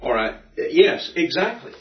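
A man's voice: fairly high pitch, very animated, unhurried, recorded from a distance. A man teaching a Greek grammar class, patiently explaining and checking that his students follow. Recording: dull roomy recording from afar.

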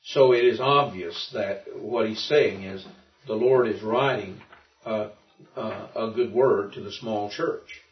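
A man's voice: fairly low pitch, slow pace, faint music behind. A man teaching a Greek lesson in an informal classroom. He explains patiently as he thinks aloud, with frequent restarts. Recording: muffled and roomy, from far off.

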